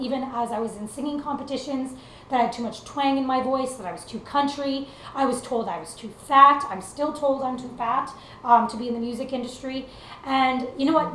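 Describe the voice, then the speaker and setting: A woman's voice: high voice, fairly bright tone. Earnest young Canadian woman, echoey room. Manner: earnest, conversational, many fillers. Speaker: country singer sharing a motivational message. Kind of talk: casual motivational monologue. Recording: echoey room with faint noise.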